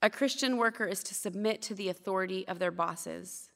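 A woman's voice: mid-range voice, a little fast, gravelly, a bit bright. A woman in her thirties preaching at church, telling candid, self-deprecating stories between scripture teaching. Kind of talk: sermon.

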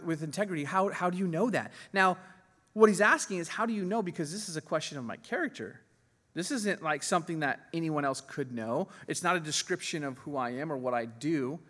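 Male pastor, higher-pitched, animated sermon delivery, recorded in a reverberant church hall. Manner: animated, laughs often, voices quoted figures.

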